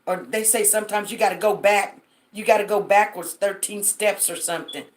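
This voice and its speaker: A woman chatting casually to her viewers on a live phone stream. She tells stories and fills her sentences with asides. She speaks at a middle pitch and directly addresses her audience. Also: fairly even intonation, brisk.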